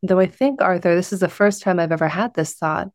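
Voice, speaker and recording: A woman's voice: lowish voice, brisk, no room sound, clean studio sound. A woman hosting a podcast interview, speaking earnestly and turning to address her listeners directly. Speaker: podcast host and speaking course co-teacher.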